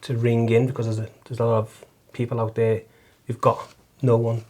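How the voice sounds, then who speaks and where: A man's voice: mid-range voice, monotone, normal speed, darkish tone. A middle-aged man with a Liverpool accent, telling his faith story earnestly as an interview guest, often stumbling and repeating words. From Liverpool, England. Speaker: guest, taxi driver and volunteer listener. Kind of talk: casual testimony interview.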